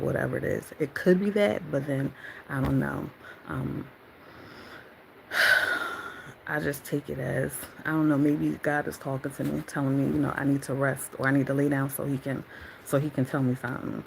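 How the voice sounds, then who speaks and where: A woman's voice: a bass voice, steady tone, normal speed, gravelly, slight background noise, low-quality recording. A woman sharing a casual devotional talk, rambling and reflective and often correcting herself. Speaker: faith vlogger.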